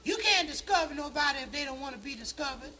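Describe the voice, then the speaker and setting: A man's voice: very high voice, lively intonation, fast, pitched above the performer's own voice. A man voicing a brash, scolding young island woman on a stand-up comedy record. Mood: defiant. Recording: crackly old vinyl record.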